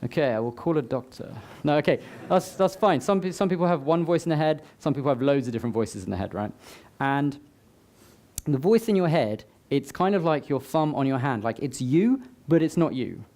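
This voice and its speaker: A man's voice: on the high side, expressive, brisk, a little mellow. A man giving a motivational talk to a live audience, conversational, with joking asides to the crowd. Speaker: summit speaker. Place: live event before an audience.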